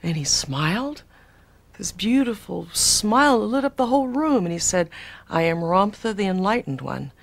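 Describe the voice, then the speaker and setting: A woman in an archival interview, earnestly recounting an experience in an animated way. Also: medium pitch, moderate pace, vocal fry.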